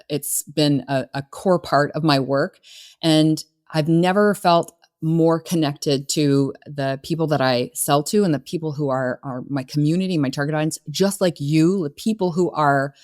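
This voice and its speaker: A woman's voice: deep voice, darkish tone. A middle-aged woman coaching on sales, talking in an earnest, conversational way with many fillers and restarts. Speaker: business coach. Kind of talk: solo podcast talk.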